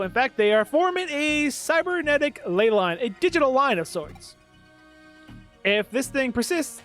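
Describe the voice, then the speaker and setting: A man's voice: sits high, a bit bright. A man giving casual let's-play commentary, sarcastic and muttering at the game. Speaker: gaming video host.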